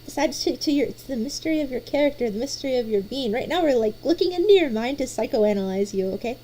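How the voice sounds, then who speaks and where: A woman hosting a casual chat, playful and animated, often stumbling over repeated restarts. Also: sits high, quick pace, a little hiss or hum. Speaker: host.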